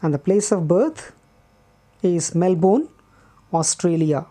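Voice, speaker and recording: Patient woman teacher, unhurried, low and mellow, repeats herself for clarity. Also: expressive. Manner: patient and deliberate, repeats key words, frequent "uh" pauses. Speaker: English teacher. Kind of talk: slow classroom explanation.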